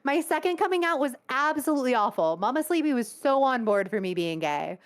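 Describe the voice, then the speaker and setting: A woman's voice: high voice, fairly quick. Blunt young woman telling stories. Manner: animated, blunt, swears freely. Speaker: interview guest. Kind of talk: casual storytelling.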